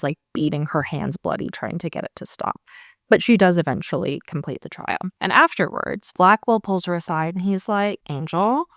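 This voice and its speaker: A woman's voice: lowish voice, no room sound, studio quality. A woman host giving a sarcastic, chatty book recap, full of filler words. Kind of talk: casual book recap chat.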